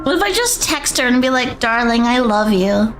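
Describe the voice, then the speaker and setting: A performer voicing a boastful cartoon guy who brags and then gets jittery, in an animated comedy sketch. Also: medium pitch, normal speed, close to an everyday voice. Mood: nervous. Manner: brash bragging, then nervous babbling. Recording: music bed under the voice.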